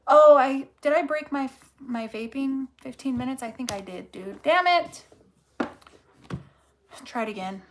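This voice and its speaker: A woman's voice: high voice, unhurried, long pauses, noisy background. A woman giving a casual tarot reading and talking straight to the viewer, blunt and full of swearing, repeating phrases to hammer her point home. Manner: candid and profane, talks straight to the viewer; emphatic and repetitive when making a point. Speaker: tarot reader.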